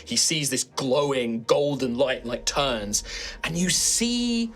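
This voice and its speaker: Male DM, rambling descriptive narration, faint music behind, mid pitch. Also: big pitch swings, takes it slowly, a bit bright. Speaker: dungeon master. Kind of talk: narrating a tabletop game.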